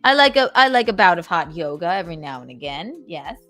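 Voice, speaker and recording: A woman's voice: on the low side, sing-song, fairly quick, pushed and bright, soft background music. A woman from South Carolina hosting a call-in podcast, speaking in a mock-posh transatlantic drawl and calling people darling. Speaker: podcast host. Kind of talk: casual call-in chat.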